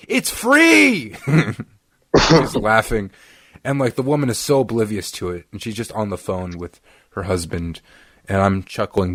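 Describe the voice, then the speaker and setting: On a podcast, a young co-host with a lowish voice tells a story in casual conversation, animatedly performing each person's voice. The recording is dry and studio-clean.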